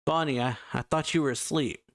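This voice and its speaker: A huge, gentle father torn up by grief read aloud by a man, in a middle-pitched voice pushed a little louder on key words. The sound is dry and close. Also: a little fast, no room sound, close to an everyday voice. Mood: distressed.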